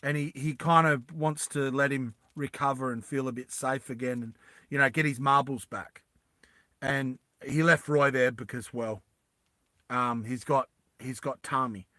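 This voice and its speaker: Rambling and animated, a streamer pitches a film story to his live chat, restarting often as he goes. His voice is medium in pitch and measured in pace, with no room sound.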